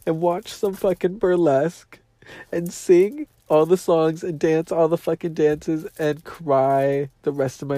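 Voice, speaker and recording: A man's voice: on the high side, dark tone, dry recording. Profane, teary, nasal man ranting. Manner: profane, dramatic, emotional. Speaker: podcast host. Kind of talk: casual monologue.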